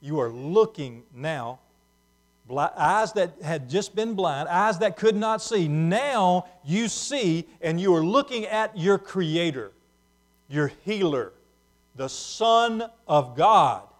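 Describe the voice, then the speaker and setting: A man preaching a sermon, moving between hushed, slow passages and loud, emphatic ones. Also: sits high, animated.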